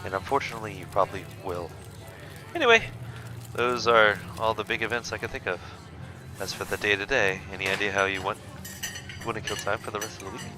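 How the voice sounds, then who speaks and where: A man's voice: fairly low pitch, a little fast, music in the background, lightly acted, rough recording. A man reading a game character's lines, a chatty and friendly small-town local who talks in a breezy, teasing way.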